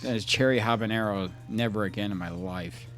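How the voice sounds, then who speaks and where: A man co-hosting a podcast in loud, joking, profane banter. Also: lowish voice, brisk, faint music behind. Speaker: podcast co-host. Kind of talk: casual chat.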